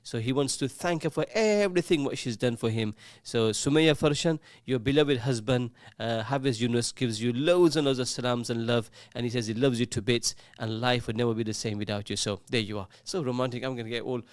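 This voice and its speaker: Bloke hosting a radio show, chatty and teasing, dry close studio mic. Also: male voice, mid-range voice, fairly quick, few pauses, smooth, no room sound. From England. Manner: chatty and teasing, reads listener messages. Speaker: radio presenter. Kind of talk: casual radio chat. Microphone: studio microphone.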